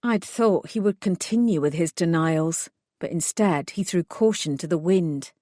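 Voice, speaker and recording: A woman's voice: lowish voice, unhurried, dark tone, no echo. Woman narrating a dry close audiobook. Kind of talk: first-person fiction narration.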